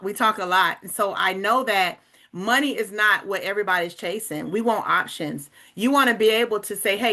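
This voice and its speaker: A woman presenting on an online group call, energetically pitching a work-from-home business and hyping up her team. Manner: energetic, hypes up others, casual asides like "guys" and "okay". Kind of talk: enthusiastic sales pitch.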